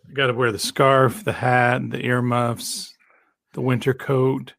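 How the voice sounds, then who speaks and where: A man from Canada joins a casual podcast livestream as a guest. His voice is strongly gravelly with a mid pitch, and he tells easygoing stories in a relaxed, joking way. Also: a little slow, no room sound, studio quality. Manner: laid-back, joking, easygoing storyteller.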